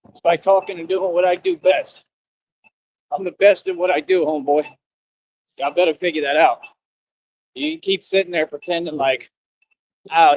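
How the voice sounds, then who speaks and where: A man's voice: fairly high pitch, dull audio. Boastful man ranting on stream. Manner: boastful, scornful, rambling. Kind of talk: boastful live-stream rant.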